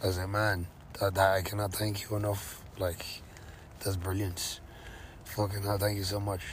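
An Irish man recounts his day on the bike in a loose, sweary, meandering way, with plenty of fillers and slang. His voice sits low and stays fairly flat. A faint hiss of noise runs underneath. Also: moderate pace. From Ireland. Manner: rambling, sweary, lots of fillers. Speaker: touring cyclist vlogger. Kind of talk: casual storytelling.

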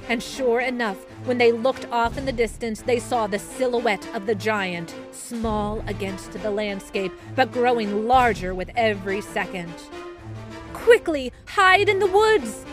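Woman reading a kids story slow and expressive, music playing behind her. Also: medium pitch. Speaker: narrator. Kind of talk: children's storytelling. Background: soft soundtrack music.

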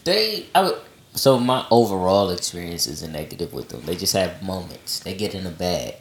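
A man co-hosting a podcast, telling family stories in animated casual chat with low asides. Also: normal speed, echoey room, slight background noise. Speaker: podcast co-host.

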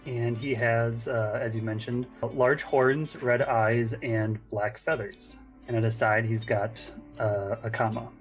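A man playing a tabletop game and describing his character in a relaxed, matter-of-fact way. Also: medium pitch, measured pace, faint music behind. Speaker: player. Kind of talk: casual tabletop game play.

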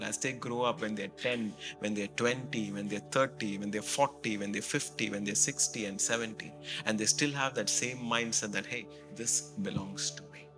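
A man, a pastor, preaching a sermon in an animated storytelling way, full of "you know" fillers. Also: mid-range voice.

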